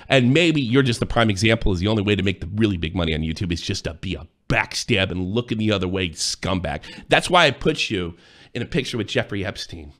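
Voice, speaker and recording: An angry man in a profane, accusing rant, sometimes shouting. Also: on the low side. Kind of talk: heated rant.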